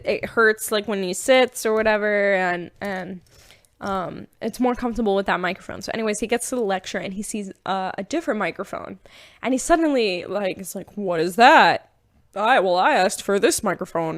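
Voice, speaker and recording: A young woman hosting a podcast, talking casually about spirituality in a chatty, animated way, with lots of fillers and frequent laughs. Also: medium pitch. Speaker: podcast host.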